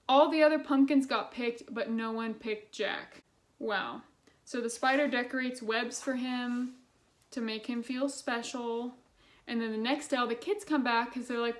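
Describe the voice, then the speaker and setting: Young woman reading kids books out loud, sarcastic and chatty, kinda high voice. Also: fairly even intonation, moderate pace. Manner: chatty and sarcastic, swears casually. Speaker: book vlogger. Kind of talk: casual read-aloud and commentary.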